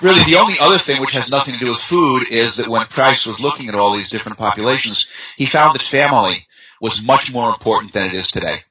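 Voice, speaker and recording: A man talking in an unhurried, chatty way as a guest in a conversation, with fillers and easy storytelling. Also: medium pitch, bright, forceful tone. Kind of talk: casual conversation. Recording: dull lo-fi sound.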